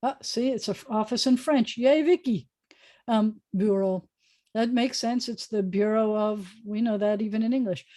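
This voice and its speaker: A woman's voice: fairly high pitch, moderate pace, mellow, no echo. Chatty woman rabbi teaching online. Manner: chatty, thinking aloud, many fillers. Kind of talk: informal online lesson. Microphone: video call.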